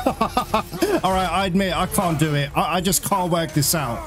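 A man's voice: high-pitched, unhurried, over music. Frustrated swearing man playing a game. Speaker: let's play gamer. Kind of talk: live gameplay commentary.

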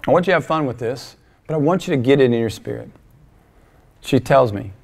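Gravelly-voiced man preaching a sermon. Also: mid-range voice, brisk. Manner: folksy, conversational storytelling with quoted dialogue. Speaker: pastor. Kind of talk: sermon with storytelling. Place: church sanctuary.

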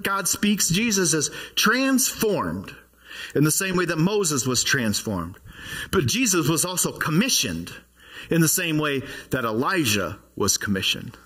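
A man preaching in a church in a relaxed, conversational way, often asking his congregation questions. His voice sits a little high and swings widely in pitch. It has a husky edge. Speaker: pastor. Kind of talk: sermon.

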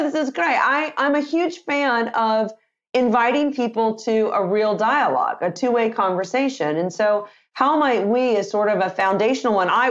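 A woman in her fifties talks with bright energy on a podcast, acting out sample phrases with lively swings in her voice. Her audio sounds somewhat muffled and lo-fi, like a remote call. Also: fairly high pitch. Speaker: guest, communication author and sales trainer. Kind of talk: conversational podcast interview.

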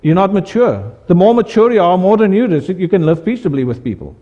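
A man's voice: sits high, big pitch swings, fast, dark tone, muffled recording. Man, pastor, sermon, asks the congregation questions, echoing hall.

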